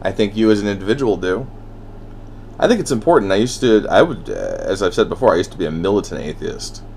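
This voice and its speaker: A man giving a solo ranting monologue, blunt and profane, with wry laughs between thoughts. He swings between heated outbursts and quiet brooding. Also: lowish voice, very animated, quick pace, creaky, a little hiss or hum. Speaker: podcast host.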